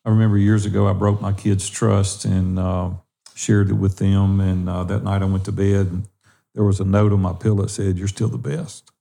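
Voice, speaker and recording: Gravelly, dark-voiced man encouraging listeners. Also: sits low, little pitch movement, normal speed. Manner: earnest, exhorting listeners directly. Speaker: podcast co-host. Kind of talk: encouraging podcast talk.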